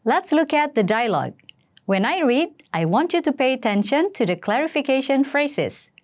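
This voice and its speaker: A woman teaching a language lesson, reading phrases and translations in a slow, careful way for learners to repeat. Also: sits high, big pitch swings. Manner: slow, careful model pronunciation with repetitions.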